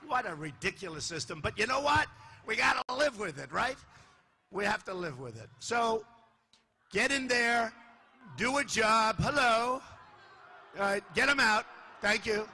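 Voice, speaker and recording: An older man giving a boastful, repetitive campaign rally speech in a large hall, dropping to low asides and rising to shouts. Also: lively intonation, a little slow, pauses often, a little hiss or hum. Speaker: political candidate speaking at a rally. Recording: live hall recording with faint crowd ambience.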